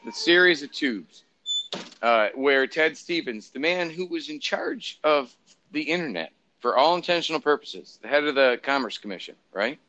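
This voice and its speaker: A man's voice: on the high side, expressive, normal speed, pushed and bright, dull audio, a little hiss or hum. A man co-hosting a casual political chat, rambling and sarcastic, swearing freely, with lots of fillers and restarts. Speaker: podcast co-host.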